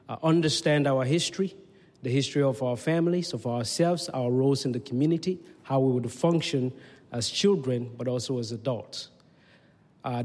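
A man from Leone, telling stories in a talk in measured, unhurried short phrases. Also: medium pitch, a little mellow. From Sierra Leone. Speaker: speaker. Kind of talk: storytelling talk. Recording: long hall reverb.

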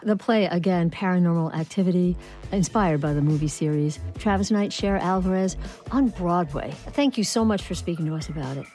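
A woman hosting a broadcast interview, lively and playful as she asks her questions. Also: lowish voice, a little fast, soft background music. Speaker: radio interviewer.

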